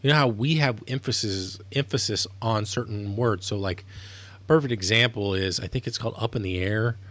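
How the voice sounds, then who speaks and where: A man's voice: fairly low pitch, normal speed, fairly bright tone, no echo. A man streaming live, talking casually in a rambling, self-correcting way as he explains things. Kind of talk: casual livestream monologue.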